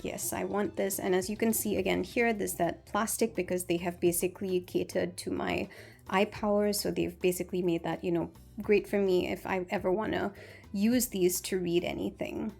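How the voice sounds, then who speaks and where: A woman's voice: mid-range voice, vocal fry, a little mellow. A woman vlogger chatting casually through a product review, gushing and full of fillers. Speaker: beauty vlogger.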